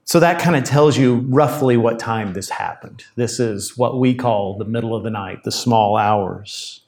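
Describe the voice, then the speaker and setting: A pastor preaches a conversational sermon, reading scripture aloud and explaining it. His voice is medium-pitched with a darkish tone, and he speaks a little slowly.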